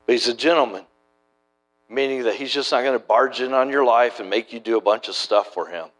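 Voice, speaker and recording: A middle-aged preacher and church planter with a brisk, mid-range voice tells stories during a sermon. His delivery is folksy and conversational, with many restarts.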